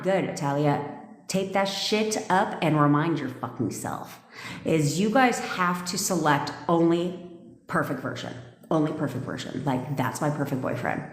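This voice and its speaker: A woman coaching viewers on a live stream, blunt, emphatic and full of swearing. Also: deep voice. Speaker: manifestation coach. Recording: echoey room with long reverb.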